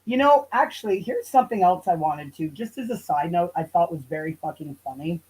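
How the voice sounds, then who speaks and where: A woman's voice: on the low side, expressive, fairly quick, a little mellow, breathy edge, low-quality recording. A woman livestreaming on her channel, ranting in a casual, profane and heated way and now and then drifting away from the mic. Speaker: YouTube livestreamer.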